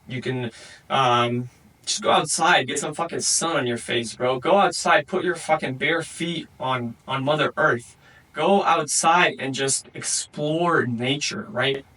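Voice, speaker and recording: A man's voice: mid-range voice, sharp tone, distant mic, poor audio. A young man hosting a podcast and giving a blunt solo motivational talk, swearing constantly and calling the listener bro. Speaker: podcast host.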